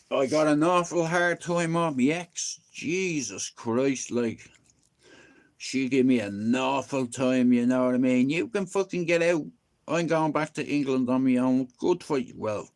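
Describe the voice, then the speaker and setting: A man with an Irish accent telling a rambling story on a livestream, animated, swearing often and acting out what others said. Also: medium pitch. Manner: animated, swearing, quoting others in his own voice. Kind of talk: casual storytelling.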